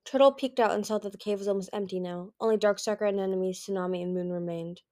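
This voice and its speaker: A woman reading a chapter of a novel aloud in a steady storytelling way, with the odd restart. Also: mid-range voice, fast talker. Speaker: audiobook reader.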